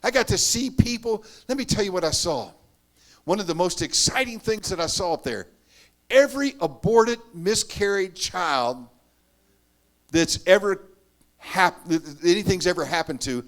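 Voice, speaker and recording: Man, sermon testimony, earnest, fairly high voice, swings from loud bursts to hushed asides. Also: animated, normal speed. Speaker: preacher.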